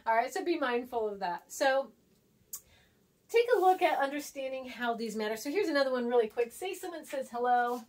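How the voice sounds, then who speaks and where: Casual woman teacher, chatty and playful, slightly high-pitched, acts out examples. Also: lively intonation, moderate pace. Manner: chatty, acts out texts in voices; writes on a board while talking. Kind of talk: casual classroom lesson.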